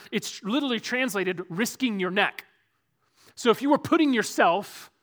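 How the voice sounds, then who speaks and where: A man preaching a sermon as pastor in a church, earnest, moving between loud emphasis and quiet, dropped asides. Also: high voice.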